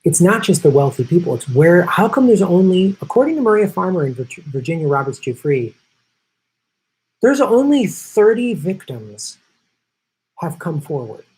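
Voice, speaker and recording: A man's voice: sits high, sing-song, moderate pace, darkish tone, slightly rough, poor audio. A middle-aged man hosting a political commentary show, reading viewer questions and going off on emphatic, rambling rants, laughing easily.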